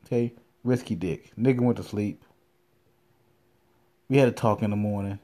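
A man's voice: fairly low pitch, normal speed, dark tone. A young man hosting a podcast from his car, telling crude, profane stories in a loose, rambling way. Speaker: podcast host. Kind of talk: casual profane storytelling.

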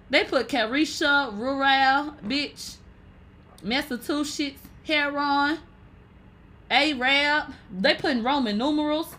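A woman hosting a casual livestream, reading viewer comments aloud in a brash, profane way and laughing loudly often. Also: high-pitched. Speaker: livestream host.

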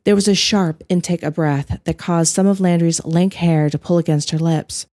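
A woman narrating a story as its author, in an even, measured reading. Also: on the low side, no echo, clean studio sound.

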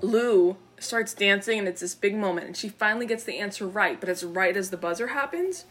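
Woman podcast host retelling a movie plot, super animated, lots of "like", does little voices for the characters. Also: mid-range voice, fairly quick, husky. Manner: animated storytelling, acts out characters' lines, many "like" fillers. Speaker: podcast co-host recapping a film. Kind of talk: casual chat. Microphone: studio microphone.

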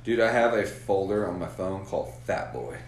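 A man hosting a podcast, tipsy and crude, laughing through animated stories in a casual banter. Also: sits low, normal speed. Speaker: podcast host. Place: garage. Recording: echoey garage, faint background noise.

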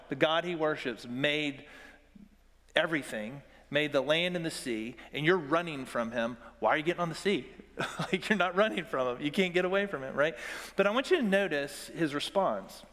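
A man's voice: on the high side, fairly bright tone. A man preaching a sermon as pastor, earnest, drawing the congregation into call-and-response. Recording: long hall reverb.

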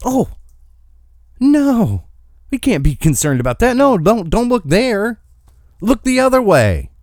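Guy doing a whiny high smug rich dude voice, preachy and sneering, dry sound. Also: very animated, slow pace, darkish tone, no echo, heavily acted. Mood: mocking.

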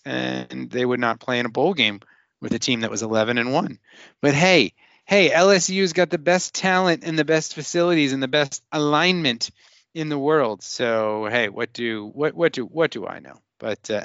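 A man hosting a casual sports podcast, reading out listener questions in an animated, joking way and restarting his sentences quickly. His voice is mid-pitched and sits close and dry on the mic. The sound is a little muffled. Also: no echo.

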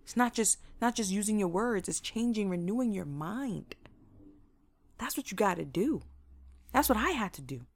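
A young woman casually telling her own stories in a lively, motivational way, laughing often and acting out what she said back then. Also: mid-range voice, normal speed, no echo. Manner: faith-inflected, motivational.

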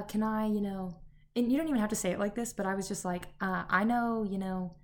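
A woman's voice: mid-range voice, a little mellow. Giggly young woman co-hosting a podcast. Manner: eager, giggly, rambling storyteller. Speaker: co-host. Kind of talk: casual podcast chat.

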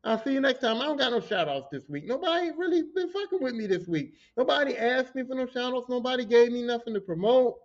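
A high-voiced man spins a rowdy, profane story as a podcast host, jumping into his coworkers' voices as he goes. The sound is dull and lo-fi. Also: sing-song, fast talker, few pauses. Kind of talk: casual storytelling monologue.

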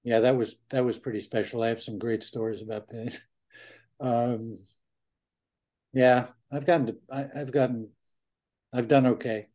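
A man's voice: medium pitch, normal speed, pauses often. Male guest from New York, casual talk, blunt and laid-back. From New York area. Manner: relaxed, blunt, swears casually. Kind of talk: casual interview chat.

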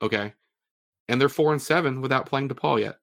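Guy hosting a sports podcast, mid-pitched, laid back. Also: fairly quick, gravelly, fairly bright tone. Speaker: podcast host. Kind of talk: casual sports chat.

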